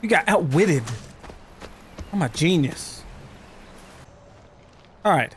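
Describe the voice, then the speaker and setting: A man with a Southern US accent giving profane, excitable let's-play commentary, yelping and shouting when startled. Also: a little high, slow, a little hiss or hum. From United States. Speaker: gaming YouTuber.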